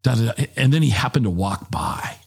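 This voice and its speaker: A middle-aged man telling a long anecdote in a casual, animated way, jumping up in pitch when he quotes people. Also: fairly quick, vocal fry, breathy edge. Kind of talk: casual storytelling.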